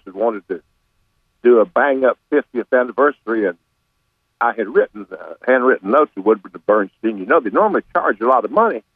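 A man's voice: medium pitch, no echo. An older man telling a rambling story as a radio guest, often repeating words and restarting his sentences. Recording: tinny phone-like line.

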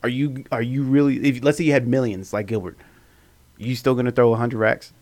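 A man's voice: medium pitch, steady tone, fairly quick, darkish tone. A man co-hosting a podcast in casual chat, laughing often. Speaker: podcast co-host.

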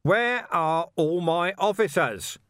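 A man reading a gruff middle-aged watch commander who barks short, forceful lines. The voice sits a little above the reader's own, with lively pitch. It is read for an audiobook in a dry, close sound. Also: normal speed, no room sound. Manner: clipped, forceful barking.

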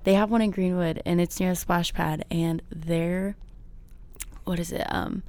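A teenage girl with a slightly low voice chats on a podcast mic. She talks freely and explains things step by step, with plenty of "like". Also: fairly even intonation, a little slow, darkish tone. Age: teens. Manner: chatty, explains with lots of "like". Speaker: student podcast guest. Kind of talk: casual chat. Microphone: podcast microphone.

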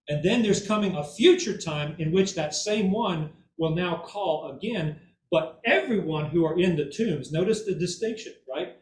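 A man's voice: on the high side, slight background noise. A man giving an informal Bible teaching who keeps checking in with "okay?" and "right?" and repeats words for emphasis. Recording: echoey room, mic far off, faint ambience.

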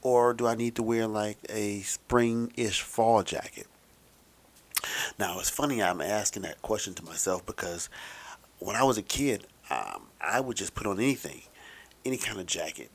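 A man's voice: on the low side, normal speed. A middle-aged man talking in a casual, rambling, wry monologue with some profanity.

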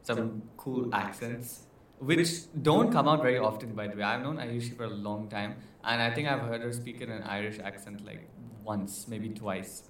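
Teasing young man in a roomy recording. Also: medium pitch. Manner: teasing, drawn-out questions. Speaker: podcast host. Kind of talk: casual chat. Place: room with a glass wall. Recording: roomy with faint noise.

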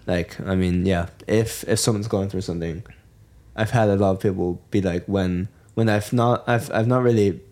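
Rambling young man, low voice. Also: steady tone, moderate pace, a little mellow. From Germany. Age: young adult. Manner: rambling, many restarts and fillers. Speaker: podcast co-host. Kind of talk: casual chat.

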